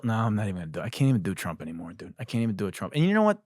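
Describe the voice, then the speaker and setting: A man's voice: low voice, sing-song, racing, hardly any pauses, dry recording, studio quality. A man hosting a comedy podcast, delivering a mocking satirical monologue. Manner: ranting, mocking, shouts and laughs.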